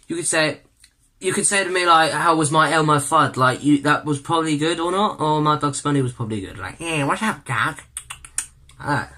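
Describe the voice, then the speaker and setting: A man hosting a reaction video, talking casually to viewers with constant swearing and loud exclamations. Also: on the high side. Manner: profane, exclamatory, addressing viewers as guys. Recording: cartoon music playing behind.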